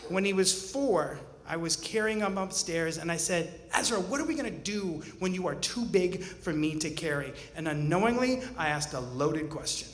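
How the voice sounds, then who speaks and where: A man in his forties with a rather high voice tells a personal story on stage, earnest and wryly funny. His voice rings through a roomy hall with a long tail of reverb. Faint ambience hangs under it. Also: expressive, normal speed, few pauses. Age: 40s. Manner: earnest with wry humor.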